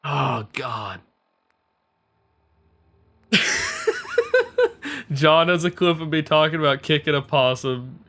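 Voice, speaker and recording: A man's voice: slow pace, long pauses. A young adult man streaming, telling a story in casual chat with lots of swearing and frequent laughter. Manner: animated, swearing, laughing often, breaking into high laughs.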